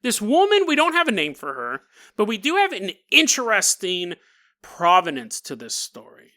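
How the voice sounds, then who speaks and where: Jokey, animated male podcast host. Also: high-pitched, normal speed. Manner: jokey, rambling, laughs often. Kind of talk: comedic storytelling.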